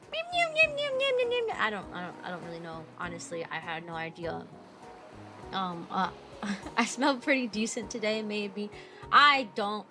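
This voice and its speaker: Streaming casually as a VTuber, a young woman chats with a mid-range voice that is pushed and bright. She's energetic and playful, breaking into silly voices and barks.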